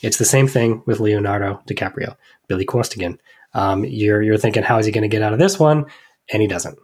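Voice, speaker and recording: A man's voice: fairly low pitch, fairly quick, darkish tone. A man co-hosting a comedy podcast, chatting casually about movies and laughing often. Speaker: podcast co-host.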